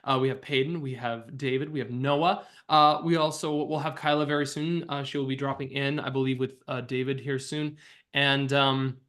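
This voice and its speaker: A man's voice: mid-range voice, steady tone, moderate pace, fairly bright tone. A man hosting as game master, upbeat and chatty, with plenty of "uh" fillers. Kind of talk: casual chat hosting a tabletop game.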